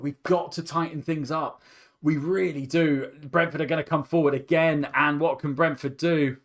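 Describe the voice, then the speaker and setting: A young man hosting a live football watchalong, commentating with rising excitement as his voice starts to go hoarse. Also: mid-range voice, moderate pace. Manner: excitable, voice climbs sharply with the action. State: voice going hoarse. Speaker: host.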